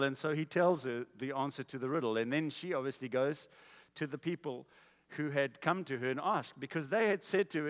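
A male preacher tells a story in a casual, animated way. His fairly high voice carries through a large hall with a long, lingering reverb. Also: moderate pace. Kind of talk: storytelling sermon.

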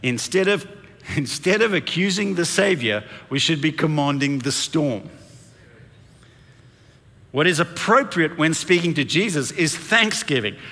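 An impassioned male preacher whose high, bright voice swings widely as he builds each point. He drives the congregation to repeat lines back to him. His words ring out with a long reverb in a large church hall. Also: lively intonation, unhurried. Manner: impassioned, dramatic build-ups with congregation call-and-response. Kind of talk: sermon.

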